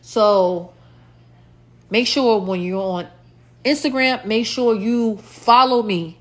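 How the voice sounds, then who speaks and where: A woman's voice: on the high side, slow pace. A woman hosting her own podcast in a rambling, casual solo chat, with lots of fillers and repeated lines, her mouth a little dry. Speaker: podcast host.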